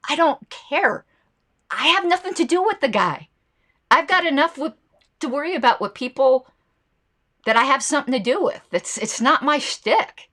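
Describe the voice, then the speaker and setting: A woman's voice: on the high side, bright, forceful tone. A woman hosting a political commentary show, talking casually and reacting to viewer comments and ads. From United States.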